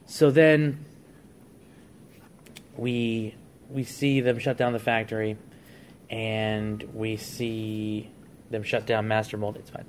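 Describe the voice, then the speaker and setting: A man's voice: lowish voice, level tone, slow pace, pauses often, a little hiss or hum. A man co-hosting a casual podcast, eagerly walking through a story idea and acting out the characters' lines. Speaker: podcast co-host.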